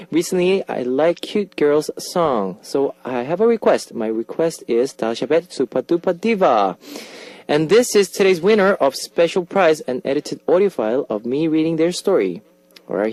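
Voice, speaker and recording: Playful radio DJ man, lively pitch. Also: dry recording. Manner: animated, playful, reads messages aloud. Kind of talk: radio show hosting, reading listener messages. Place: radio studio. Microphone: studio microphone.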